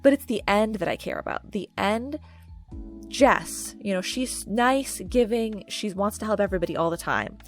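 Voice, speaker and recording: Gushy chatty woman doing a movie tier list, lots of ums, soft music behind. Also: medium pitch, expressive, moderate pace. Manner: chatty, gushing, many fillers. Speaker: video creator ranking movies. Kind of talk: casual chat to camera. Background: faint background music.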